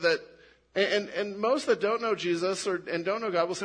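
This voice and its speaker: Male pastor, high voice, animated sermon delivery with hushed low emphasis. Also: moderate pace. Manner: animated, frequent restarts, drops to low quiet emphasis.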